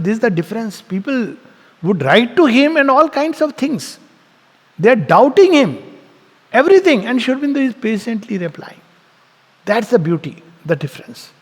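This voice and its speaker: A man giving a spiritual lecture, telling stories, asking rhetorical questions and laughing often. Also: high voice. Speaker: spiritual teacher. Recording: long reverb in a hall.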